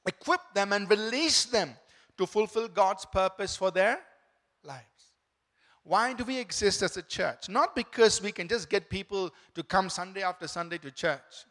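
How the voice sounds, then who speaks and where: A man's voice: high voice, a bit bright, in a large hall. A male pastor preaching a sermon, emphatic, repeating key phrases and calling out for an amen.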